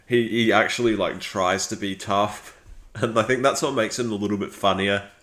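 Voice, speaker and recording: A man's voice: on the low side, steady tone, moderate pace, fairly bright tone. A man giving casual live-stream commentary, rambling with lots of fillers and restarts.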